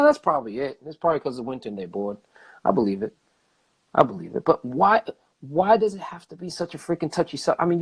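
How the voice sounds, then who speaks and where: A man vlogging a casual rant, emphatic and animated, repeating himself and swearing. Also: a little high, husky.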